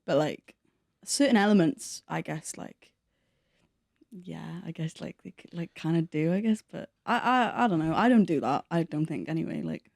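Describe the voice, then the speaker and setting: A woman from North Wales chats as a podcast guest, hesitant, trailing off between fillers. Her voice is mellow and gravelly, with a fry at the ends of phrases. The recording is dry and close. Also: low-pitched, expressive, moderate pace, dry recording. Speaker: guest folk musician. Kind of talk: casual interview chat.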